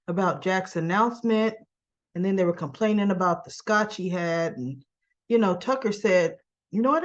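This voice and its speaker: Casting note: chatty woman host, casual soap recap, slightly dull lo-fi sound, throat-clearing habit. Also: mid-range voice. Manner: chatty, clears throat often, quotes characters in small voices.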